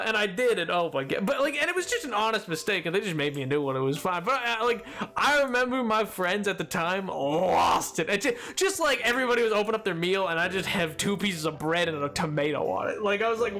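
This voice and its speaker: High-voiced chatty male streamer. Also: pushed and bright. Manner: chatty, rambling, laughs often. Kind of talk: casual chat while livestreaming a game.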